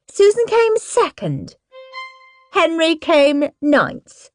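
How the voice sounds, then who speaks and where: A woman narrating a children's audiobook in an expressive, playful way. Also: mid-range voice, a little slow, no room sound, studio quality, faint music behind. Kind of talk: scripted storybook narration.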